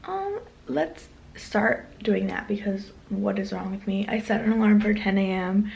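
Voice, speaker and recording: A woman's voice: mid-range voice, expressive, normal speed, gravelly, a little mellow, slightly rough, poor audio. A young adult woman chatting casually to camera in a daily vlog, often cooing at her cat. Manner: chatty, talks baby-talk to her cat. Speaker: vlogger.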